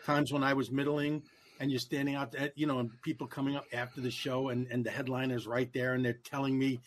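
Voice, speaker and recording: A man's voice: medium pitch, flat delivery. A man, a stand-up comedian and podcast co-host, chatting casually and often restarting his words. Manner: halting, repeats words when starting. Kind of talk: casual chat.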